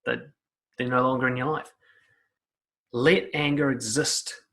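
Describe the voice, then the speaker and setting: A man's voice: medium pitch, fairly even intonation, unhurried, pushed and bright. A man giving blunt, profane self-help advice straight to the listener. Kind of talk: direct-to-camera advice talk.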